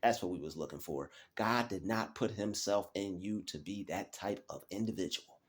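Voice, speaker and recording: A man's voice: low voice, moderate pace. A man giving a loose, repetitive motivational talk in casual streetwise slang, preaching encouragement to his viewers. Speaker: motivational vlogger.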